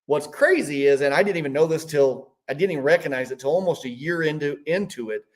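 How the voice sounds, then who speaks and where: Fifties guy rambling thru a story on a podcast, kinda high voice, keeps restarting. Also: fast talker. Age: 50s. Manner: rambling, animated, many restarts. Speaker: podcast guest, business owner. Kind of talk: casual storytelling.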